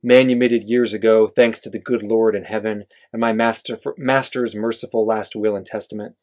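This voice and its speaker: A man's voice: on the low side, fairly even intonation, moderate pace, a little mellow, lightly acted. A man reading aloud as a desperate man pleading urgently for his wife, at a bookstore reading.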